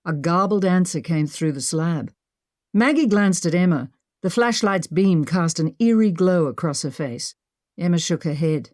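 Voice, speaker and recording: Woman audiobook narrator, low and animated, dry studio sound. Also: moderate pace, dry recording. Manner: expressive storytelling.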